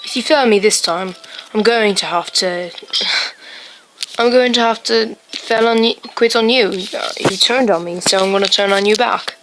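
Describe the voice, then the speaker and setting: A woman's voice: medium pitch, measured pace, fairly bright tone, a little hiss or hum, rough recording. A woman giving casual, playful commentary while playing a bird game. She talks straight to the birds, cheering them on and scolding them.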